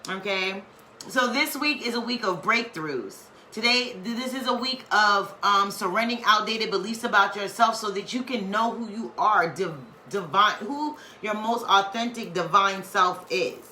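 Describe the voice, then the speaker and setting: A woman's voice: medium pitch, normal speed, bright, forceful tone. A woman giving a casual weekly spiritual reading, talking in an emphatic, preachy, slangy and playful way. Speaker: spiritual tarot reader. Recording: echoey room, faint background noise.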